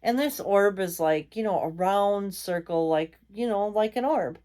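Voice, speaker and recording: A woman's voice: mid-range voice, measured pace, dark tone. A woman vlogger telling a ghost story in a casual, rambling way, full of fillers and self-corrections. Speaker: vlogger host.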